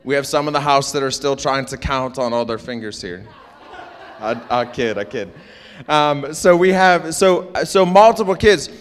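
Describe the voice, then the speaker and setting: A man preaching in a church sanctuary, his voice sitting at an ordinary middle pitch. He keeps things animated and joking, tossing call-and-response asides to the congregation, while a long hall reverb trails behind him. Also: normal speed. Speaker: pastor. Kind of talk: sermon.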